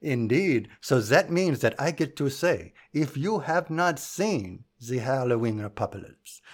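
A man in a casual podcast conversation, sharing anecdotes with a playful, relaxed delivery. His voice sits in an ordinary middle pitch. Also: unhurried. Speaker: podcast host.

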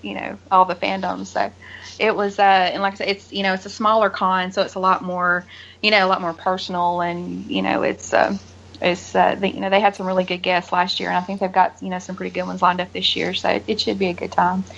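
A woman's voice: lowish voice, level tone, a little fast, vocal fry, fairly bright tone, muffled recording. A woman chatting as a guest on a podcast, talking with enthusiasm and lots of fillers. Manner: enthusiastic, rambling, many "you know" fillers. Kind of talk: casual chat.

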